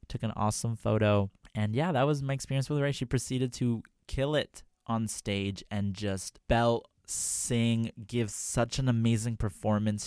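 A man's voice: lowish voice, creaky, no echo. A young man hosting a radio music show, telling a story in a casual, chatty way with lots of "like" and "um", from a studio mic. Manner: chatty, full of "like" and "um", excitable.

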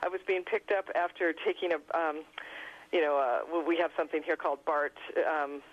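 A woman, an author guest on a radio interview, telling lively anecdotes and often laughing. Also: low voice, a little fast, lo-fi sound. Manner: animated storyteller, laughs often.

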